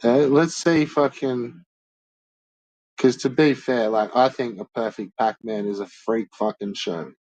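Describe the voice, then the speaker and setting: A man's voice: mid-range voice, measured pace, darkish tone, dull audio. A man streaming and ranting to his chat in a blunt, profane, swear-filled way. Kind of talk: casual rant to chat.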